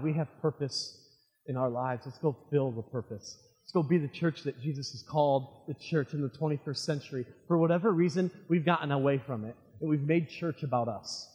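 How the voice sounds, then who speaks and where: A male pastor delivering an animated sermon, throwing call-and-response questions to his congregation. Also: fairly high pitch, big-room sound, dull audio. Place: church sanctuary with congregation.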